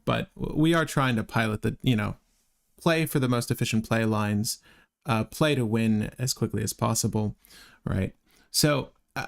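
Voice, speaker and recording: Chatty gravelly-voiced male streamer. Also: medium pitch. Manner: halting, restarts often, chatty with audience. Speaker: co-host ranking game cards on a livestream. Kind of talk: casual live-stream chat.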